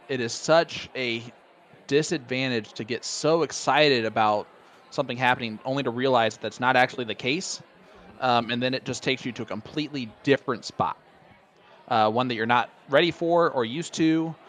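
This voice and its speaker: A man's voice: medium pitch, moderate pace, a bit bright. A man doing live darts commentary, bantering and joking at his own expense. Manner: joking, self-deprecating banter.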